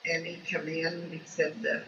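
An older woman reminisces in a loose, folksy way and often stops to restart her sentences. She sits some distance from the microphone in an echoey room. The recording is dull and carries steady background noise. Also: low-pitched, moderate pace. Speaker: interviewee. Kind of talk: oral history storytelling.

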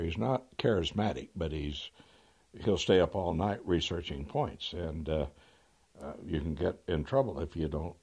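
Older male lawyer, raconteur, deep husky voice, dry wit, throat-clearing. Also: a little mellow. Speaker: trial lawyer. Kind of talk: anecdotal storytelling.

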